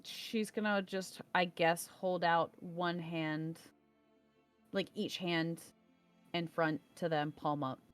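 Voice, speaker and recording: A woman's voice: lowish voice, steady tone, slow, clean tone, soft background music. Chatty woman playing a tabletop game. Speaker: player. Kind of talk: casual tabletop play.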